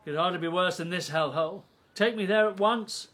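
Bitter, grieving widower, acted: halting, self-loathing, tearful. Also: mid-range voice, fairly bright tone, close to an everyday voice. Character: despairing grieving older widower. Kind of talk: stage or radio play acting.

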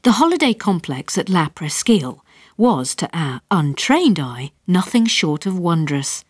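Brief: woman narrator, lively expressive delivery, wry comic storytelling, dry close-miked sound. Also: on the low side, a little slow, husky, no echo.

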